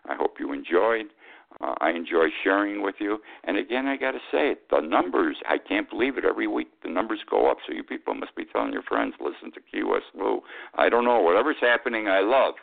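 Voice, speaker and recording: A man's voice: on the low side, very animated, a little fast, vocal fry. Indignant man on a tinny line. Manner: indignant, rambling, with fillers and emphatic outbursts. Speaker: host of a weekly political talk show. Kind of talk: opinionated political commentary. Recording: tinny phone-like sound.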